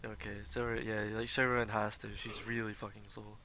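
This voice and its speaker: A man's voice: lowish voice, flat delivery, brisk, pushed and bright. A man narrating as dungeon master in casual, swearing talk full of fillers. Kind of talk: narrating a tabletop game. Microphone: streaming desk mic.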